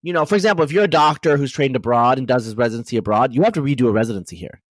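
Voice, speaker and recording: Fast-talking male podcast host. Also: mid-range voice, no room sound. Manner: rapid, animated, many fillers and restarts. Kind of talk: casual conversational interview.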